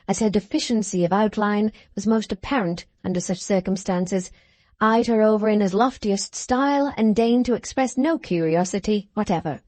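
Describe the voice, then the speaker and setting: A woman narrates a classic novel in a measured, steady audiobook reading, at a mid pitch. The recording is close and dry, with no room sound. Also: no echo.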